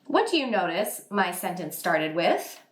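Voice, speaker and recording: A woman teacher giving an online reading lesson to young children, sounding out words slowly and praising the class. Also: lowish voice, big pitch swings, echoey room. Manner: slow, exaggerated sounding out of words. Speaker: kindergarten teacher.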